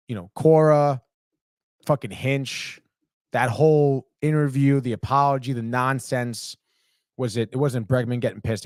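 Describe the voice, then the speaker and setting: On a clean studio recording with no room sound, a young man's voice sits on the high side with a darkish tone. He hosts a live sports talk show, rambling heatedly through casual chat, swearing freely, and saying "dude" all the time.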